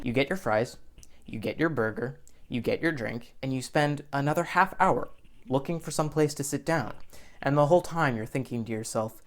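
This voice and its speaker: Young man, comedic storytime, rambling, cursing, mid-pitched voice. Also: normal speed. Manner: rambling, profane, jumps into loud exaggerated voices. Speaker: vlogger.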